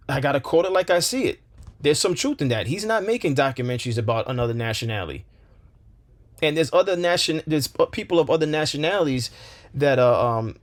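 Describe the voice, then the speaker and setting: A man hosting a commentary channel, speaking with passion, firing rhetorical questions and repeating phrases for emphasis. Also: medium pitch. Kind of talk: opinion commentary monologue.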